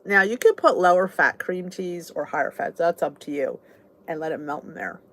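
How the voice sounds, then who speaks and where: A woman's voice: on the low side, fairly quick, fairly bright tone. Woman, South Jersey accent, host, casual live-stream chat, rambling and chatty. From southern New Jersey. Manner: chatty, rambling, greets viewers. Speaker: host of a weight-loss channel.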